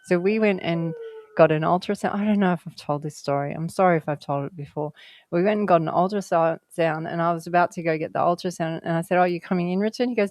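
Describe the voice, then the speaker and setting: A woman's voice: on the low side, quick pace, darkish tone, dry recording. A woman guest telling stories in casual conversation, chatty and rambling, laughing often.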